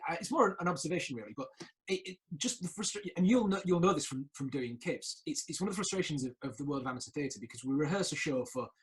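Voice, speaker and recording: A man's voice: on the high side, animated, quick pace, rough recording. A man hosting a casual podcast chat, telling theatre stories animatedly and laughing often. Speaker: podcast host.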